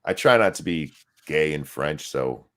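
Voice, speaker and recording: A man's voice: extremely low pitch, animated, measured pace. Man reading news with sarcastic asides. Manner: reads aloud with sarcastic asides and profanity. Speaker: podcast co-host reading news. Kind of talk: casual commentary reading an article aloud.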